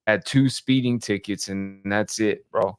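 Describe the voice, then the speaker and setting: A man in casual conversation, speaking slowly and plainly with frequent restarts and fillers. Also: lowish voice, steady tone. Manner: slow, halting, plainspoken, many restarts. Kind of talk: casual conversation about life after prison.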